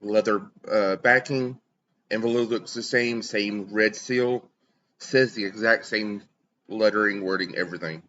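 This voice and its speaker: Bright-voiced casual game master. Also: male voice, lowish voice, unhurried, highs cut off, a little hiss or hum. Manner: casual, loose narration with fillers. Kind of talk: tabletop game narration.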